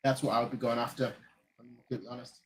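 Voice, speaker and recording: Speaking in a rapid-fire, mid-range voice with little pitch movement, a German fan channel host based in Manchester chats loosely over a live match. He wanders, repeats phrases and fills gaps with "like." Slight background noise sits under a low-quality recording.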